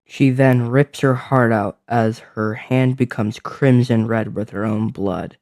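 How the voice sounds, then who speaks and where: A man's voice: medium pitch, steady tone, slow pace, a little mellow, no echo, studio quality. A man narrating a fantasy adventure story, describing scenes with small slips.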